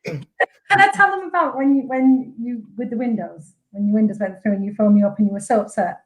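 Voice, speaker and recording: A woman's voice: on the high side, fairly quick, low-quality recording. A woman who is a guest on a podcast, chatting casually and joking, laughing often.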